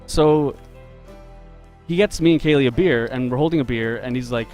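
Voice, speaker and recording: A man telling a story in a relaxed, chatty way, laughing often as he draws live on a stream for his viewers. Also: medium pitch, normal speed, faint music behind. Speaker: game developer and artist streaming live. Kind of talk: casual storytelling while drawing on a live stream.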